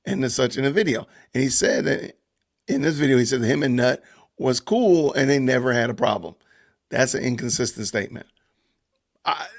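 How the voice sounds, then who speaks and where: Gravelly-voiced man chatting on a live stream. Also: mid-range voice. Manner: animated, laughs often, reads viewer comments aloud. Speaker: podcast host reading live chat. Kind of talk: casual live-stream commentary.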